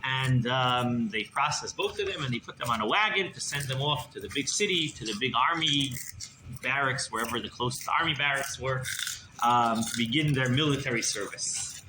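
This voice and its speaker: A rabbi telling a story in a sermon, animated and conversational, often checking in with the listeners, recorded in an echoey room with background noise. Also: male voice, medium pitch, normal speed. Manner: animated, conversational, asks "right?".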